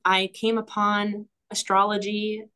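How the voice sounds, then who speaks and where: A woman talking as a podcast guest in relaxed, conversational speech. She sounds enthusiastic and reflective, often pausing on fillers and laughing lightly between thoughts. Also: mid-range voice, clean tone. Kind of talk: casual conversational interview.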